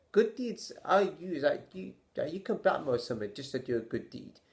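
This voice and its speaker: A man's voice: a little high, big pitch swings, darkish tone. Stammering man ranting to camera. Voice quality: stammering, halting delivery. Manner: exasperated, sighing, rhetorical questions. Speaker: vlogger. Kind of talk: opinion rant to camera.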